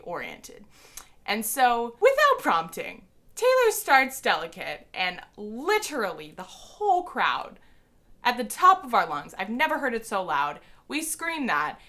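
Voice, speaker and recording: A young woman vlogger excitedly recounting an experience to camera in casual chat, peppering her speech with "like.". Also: medium pitch. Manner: gushing, excited fan recounting a concert.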